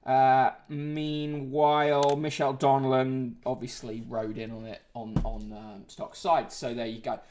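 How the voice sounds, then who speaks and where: A man's voice: medium pitch, little pitch movement, unhurried, few pauses, background noise. A man hosting a casual livestream, reading out newspaper headlines and chat comments with sardonic asides, swearing and frequent fillers. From United Kingdom.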